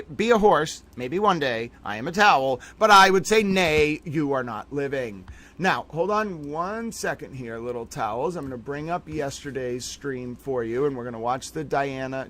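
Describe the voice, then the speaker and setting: A man's voice: a little high, pushed and bright. A man hosting a long live stream, rambling playfully in mock-grand, theatrical wording, a little tired late in the session. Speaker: livestream host.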